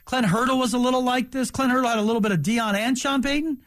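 High-voiced, emphatic male sports talker. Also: quick pace. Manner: emphatic, opinionated, animated. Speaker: sports radio host. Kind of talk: sports talk radio chat.

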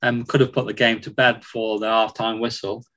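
A man's voice: medium pitch, level tone, a little fast, a bit bright, low-quality recording. A man chatting casually about football on a podcast, with many ums and restarts and frequent laughs. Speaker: football reporter.

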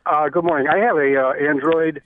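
A man calling into a radio show, asking polite, halting questions full of hesitations. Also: a little high, steady tone, slight background noise. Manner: halting, many uh fillers, polite. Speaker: radio caller. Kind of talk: phone call into radio show. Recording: phone line.

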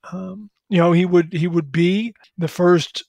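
A man analyzing college football in a measured way on a sports talk show, citing details and history. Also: high-pitched, fairly even intonation, vocal fry, a little mellow, no echo.

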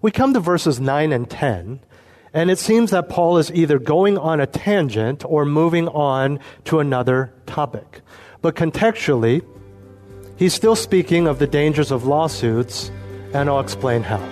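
A man's voice: on the high side, expressive, darkish tone, faint music behind. Earnest male pastor preaching. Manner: earnest, emphatic, slows down for emphasis. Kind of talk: expository sermon.

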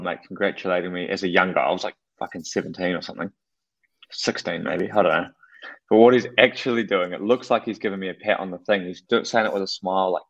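Low New male podcast host, rambling storyteller, swears and laughs, slightly muffled lo-fi sound. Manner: rambling, laughing, profane anecdote-telling. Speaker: podcast co-host, former racing cyclist. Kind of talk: casual storytelling chat. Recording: dull lo-fi sound.

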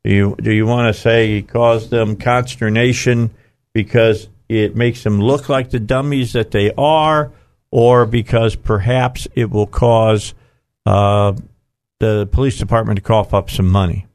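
A man's voice: lowish voice, fairly even intonation, a little slow, a little mellow, dry recording. A man hosting a radio talk show, folksy and rambling with frequent fillers.

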